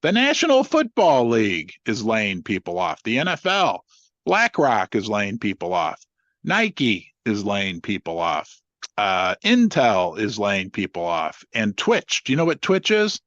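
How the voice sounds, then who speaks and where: A man's voice: on the low side, measured pace, no room sound, muffled recording. Teasing middle-aged male interview host. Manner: joking, teasing, animated questions. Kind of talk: casual interview chat.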